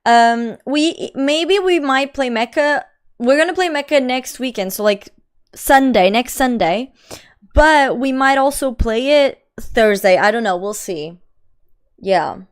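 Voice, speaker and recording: A young woman hosts a live stream in casual, talkative chat, her voice sitting a little high. She reads her viewers' messages aloud and answers in quick, slangy bursts. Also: lively intonation, clear, resonant tone.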